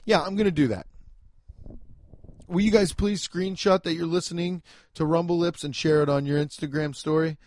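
A man hosting a comedy podcast, rambling casually with lots of swearing and sudden loud, emphatic bursts. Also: fairly high pitch, fairly even intonation, normal speed, no echo. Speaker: podcast host.

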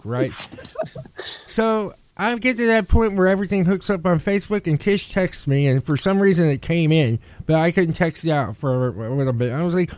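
A man's voice: high voice, expressive, normal speed, dry recording. A man, hosting a podcast and telling a rambling, profane story. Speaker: podcast host. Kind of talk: casual chat.

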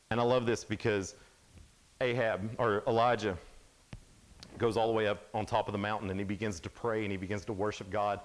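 A man giving a youth sermon, telling a Bible story in an animated, casual way, full of "like" and quick asides. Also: on the low side. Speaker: youth speaker.

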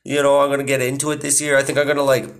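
A man's voice: mid-range voice, level tone, very fast. A man in his thirties hosting a podcast, rambling casually with constant swearing and laughing at his own stories. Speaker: podcast host. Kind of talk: casual monologue.

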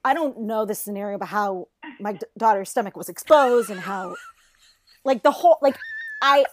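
Animated, laughing woman co-host telling a story. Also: on the high side, normal speed, dry recording, studio quality. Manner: animated, swears freely, laughs often. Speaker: podcast co-host. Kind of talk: casual storytelling chat.

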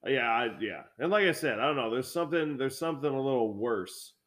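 A man telling a work story in a casual, profane chat, acting out the lines of coworkers with animated delivery. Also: medium pitch, a little fast. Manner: animated, swears a lot, acts out coworkers' lines.

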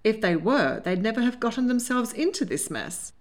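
A woman's voice: on the high side, expressive, pitched above the performer's own voice, lightly acted. Woman voicing a blunt scheming grandmother. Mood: blunt, scolding. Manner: brisk, blunt and decisive. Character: brisk scheming elderly grandmother, blunt and managing.

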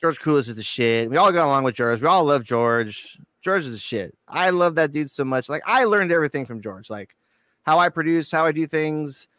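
A man telling a profane, animated story as a guest on an interview show, acting out quotes. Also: fairly high pitch, brisk, no room sound, studio quality. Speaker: guitarist guest.

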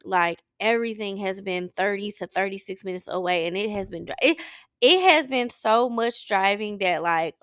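A woman's voice: medium pitch, normal speed, fairly bright tone, smooth, dry recording, clean studio sound. A woman hosting a podcast, talking candidly about her week in a personal check-in, rambling with restarts and tearful. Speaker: podcast host. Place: Saint Louis.

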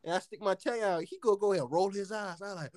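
Young US guy, slightly high voice, dry close sound, rowdy laughing storyteller. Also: quick pace, no room sound. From United States. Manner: animated, profane storytelling with frequent laughter. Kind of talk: casual chat.

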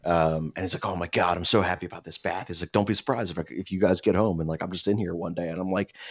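Deep-voiced man, rambling and profane. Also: fairly even intonation, quick pace, few pauses, slightly rough, no echo. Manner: rambling, profane, many fillers and restarts. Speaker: podcast host. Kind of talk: casual storytelling chat. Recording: dull lo-fi dry sound.

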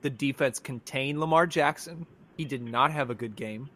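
An exasperated man rants about football as a podcast co-host in a casual sports fan reaction chat. His voice is medium-pitched and a bit bright at a normal speed, and he rambles with frequent restarts.

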